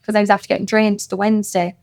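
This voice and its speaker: A woman's voice: medium pitch, flat delivery, a little mellow, dry recording, studio quality. A woman with a Cork accent, a podcast guest telling her story casually, quoting other people's words as she goes. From Ireland. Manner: rapid, with quoted dialogue. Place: podcast studio.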